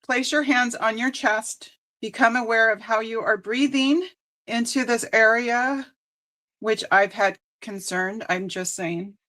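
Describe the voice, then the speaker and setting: A tearful woman reading cards live, her voice sitting a little high. She pauses often and reads slowly and emotionally, choked up as she goes. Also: a bit bright. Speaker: intuitive card reader and host.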